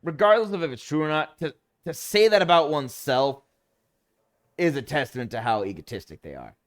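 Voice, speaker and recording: A man streaming a city-building game, talking casually and mocking the characters and game mechanics in an animated, sarcastic way. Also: a little high, brisk. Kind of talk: casual let's-play commentary.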